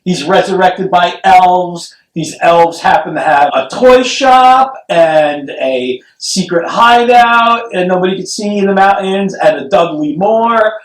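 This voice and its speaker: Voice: mid-range voice, slow pace, hardly any pauses. A podcast co-host riffing through a comedic movie review, sarcastic and laughing often. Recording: echoey room, distant mic.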